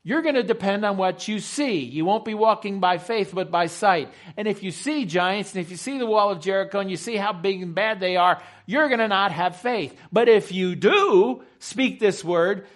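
A man's voice: high-pitched, moderate pace, few pauses. A man preaching a sermon in an emphatic way, using rhetorical questions and repeating key phrases.

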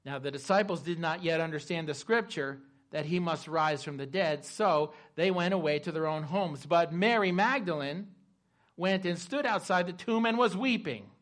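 A man preaching a sermon, retelling a scripture story dramatically and shifting between loud emphasis and hushed asides. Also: fairly high pitch, moderate pace. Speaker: pastor.

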